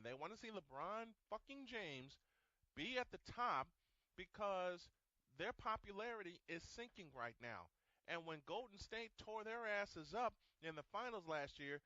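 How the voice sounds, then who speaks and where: A man's voice: high voice, sharp tone, no echo, highs cut off. A man hosting a casual sports talk show, boisterous, laughing often and swearing freely. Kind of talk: casual sports radio chat.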